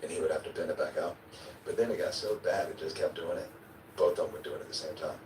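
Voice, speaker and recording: A man's voice: low-pitched, fast. A man being interviewed, telling a vivid story in a casual way, acting out his own quotes and now and then swearing or chuckling. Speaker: interview guest. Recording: echoey, distant, noisy replayed clip.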